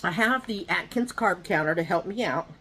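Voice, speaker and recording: A mukbang vlogger eats at home while chatting straight to her viewers, spinning rambling, gossipy stories full of asides. Her voice is lowish, husky, and sharp in tone, at a moderate pace.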